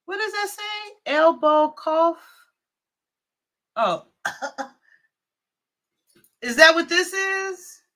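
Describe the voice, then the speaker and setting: A woman's voice: very high-pitched, animated, drawn-out words, long pauses, pushed and bright. A woman hosting a casual livestream, chatting with viewers and laughing often. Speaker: livestream host.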